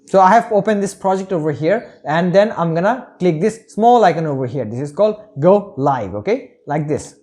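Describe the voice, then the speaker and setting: A man's voice: high-pitched, lively intonation, brisk, few pauses, a little mellow. A man teaching web development in a screen-recorded tutorial, talking through each click and often checking in with "okay?". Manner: talks through each click, repeats "okay?" and "over here".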